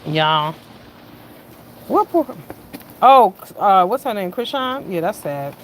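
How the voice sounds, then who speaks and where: A woman around fifty hosts a loose livestream chat, talking straight to her viewers. She swings from loud bursts down to quiet asides. There is a faint hiss of noise behind her. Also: lively intonation, takes it slowly. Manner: chatty, swings from loud exclamations to low mutters. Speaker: livestream host.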